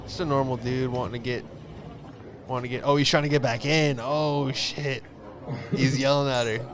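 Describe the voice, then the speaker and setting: A man's voice: medium pitch, fairly even intonation, moderate pace, noisy background. A young man hosting a casual podcast, rambling through stories with loose slang. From Florida. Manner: laid-back, rambling storytelling with slang. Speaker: podcast host. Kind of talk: casual solo podcast chat.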